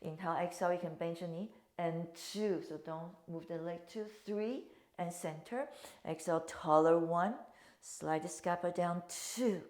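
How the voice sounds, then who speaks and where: A woman's voice: lowish voice, moderate pace, darkish tone. A woman leading a Pilates class, cueing breaths and counts in slightly phrasing. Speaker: Pilates instructor. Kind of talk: guided exercise class instruction. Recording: echoey room.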